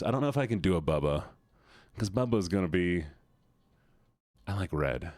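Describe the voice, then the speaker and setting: A male streamer talking to his chat on a live stream, teasing and playful, switching between put-on accents and goofy voices. His voice sits a little low but swings widely up and down. The sound is close and dry, with no room echo. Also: expressive, normal speed, long pauses, darkish tone. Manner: playful, jokey, keeps slipping into put-on accents and silly voices. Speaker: livestreamer.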